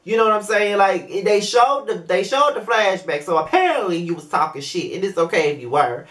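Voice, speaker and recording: Young man, video review host, casual, swears a lot, lively swinging pitch, chatty fillers. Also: brisk. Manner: animated and profane, with frequent filler asides. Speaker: show host reviewing a reality series.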